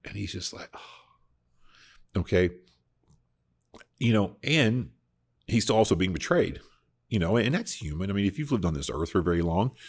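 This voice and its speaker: A man's voice: low-pitched, a little mellow, slightly rough. A man hosting a casual Bible discussion podcast, talking earnestly and reflectively, often restarting his sentences. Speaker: podcast host.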